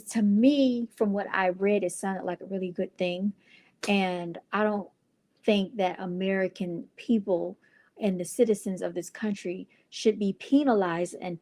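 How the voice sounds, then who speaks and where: In a medium-pitched voice with a darkish tone, the clothing brand founder addresses viewers on her livestream channel. She keeps it casual and chatty, sprinkling in exasperated asides.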